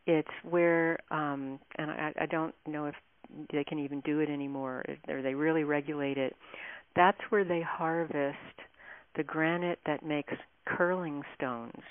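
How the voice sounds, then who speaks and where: Low-voiced woman on a tinny phone line. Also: steady tone, measured pace, smooth, no room sound. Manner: chatty, meandering storytelling. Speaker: author and guest. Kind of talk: casual radio interview.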